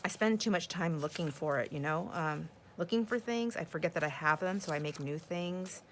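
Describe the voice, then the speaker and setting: A woman's voice: sits low, normal speed, a little hiss or hum. An older woman chatting casually while sorting craft supplies in her home craft room, rambling and laughing often. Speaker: craft vlogger.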